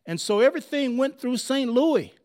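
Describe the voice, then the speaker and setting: An older man tells history in a loose, wandering way and keeps asking his listeners if they follow. His voice sits high for a man. He swoops up and down in pitch as he talks. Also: moderate pace. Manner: animated, conversational, asks the audience questions. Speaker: history speaker. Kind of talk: digressive storytelling history talk.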